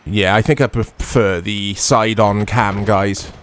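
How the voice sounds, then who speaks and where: A man's voice: on the low side, fairly even intonation, takes it slowly, a bit bright. A man hosting a retro gaming channel, giving chatty, self-deprecating commentary to viewers as he plays. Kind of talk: casual gameplay commentary.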